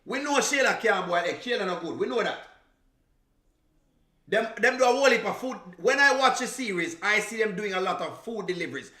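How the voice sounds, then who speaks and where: Jamaican guy streaming, high bright voice, laughs a lot, roomy echo. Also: expressive, brisk. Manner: laughing, teasing, mixing in patois. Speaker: reaction streamer. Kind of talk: casual live-stream chat.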